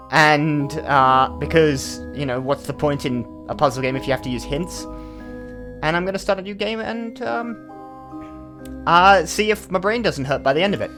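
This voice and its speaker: A man with an Australian accent giving casual let's-play commentary, rambling and thinking aloud with many fillers. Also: on the high side. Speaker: gaming channel host.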